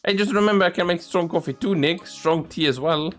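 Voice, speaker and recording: A man voicing a perky young female sidekick from a game, talking in a high, playful, teasing way. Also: fairly quick, fairly bright tone, faint music behind, lightly acted.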